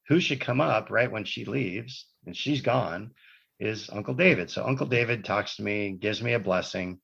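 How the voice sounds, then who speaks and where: A man's voice: on the low side, creaky. A man, a podcast guest, telling a long personal story in casual conversation, wandering and correcting himself as he goes. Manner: rambling anecdotal storytelling with self-corrections. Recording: dull lo-fi podcast audio.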